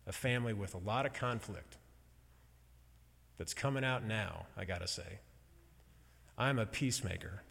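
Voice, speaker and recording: Halting, heartfelt man in a hall. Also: fairly low pitch, vocal fry, fairly bright tone, husky. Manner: slow, halting, emotional storytelling with pauses. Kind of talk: personal sermon to a congregation. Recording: long hall reverb.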